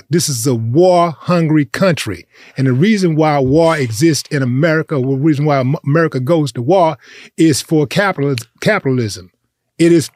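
A man with a notably high speaking voice rants in a blunt, profane, heated manner, hammering his points by repeating them. The sound is dry and close, with no room around it. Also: darkish tone, dry recording. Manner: blunt, profane, emphatic ranting with repetition. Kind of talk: heated casual chat.

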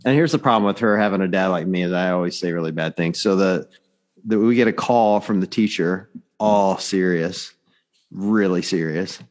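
A man's voice: low voice, moderate pace. A middle-aged man in casual chat, telling stories and joking, laughing at his own jokes.

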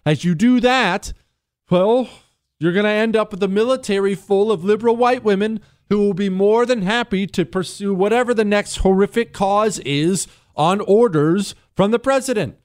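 A man's voice: moderate pace, no echo, studio quality. A man hosting a talk radio show, ranting in a combative, sarcastic monologue and reading ad copy. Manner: combative, sarcastic, jumps between loud questions and low asides.

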